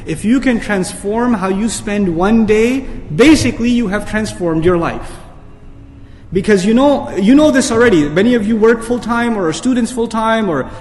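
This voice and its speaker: This Islamic speaker's high-pitched, slightly mellow voice carries a big-room sound. His lecture sermon is urgent, pushing listeners with rhetorical questions and weaving in recited Arabic verses.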